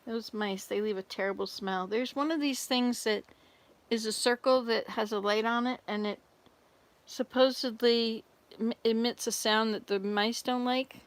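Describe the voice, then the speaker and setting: An older woman chats on a livestream from an RV, telling jokes and answering viewers as she goes. Her talk is loose and rambling, and her voice sits a little high. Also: fairly even intonation, moderate pace. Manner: chatty, rambling, tells jokes and talks to viewers. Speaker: volunteer service missionary. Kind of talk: casual livestream chat. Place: RV at a summer camp.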